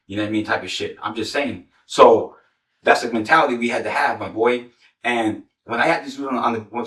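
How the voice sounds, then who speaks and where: A man's voice: mid-range voice, bright, forceful tone, recorded from a distance. A man telling raw, profane street stories, rambling with heavy slang. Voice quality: heavy slang, constant "you know what I'm saying". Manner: rapid, rambling, swears constantly. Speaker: former gang member telling war stories. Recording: echoey room, voice off mic.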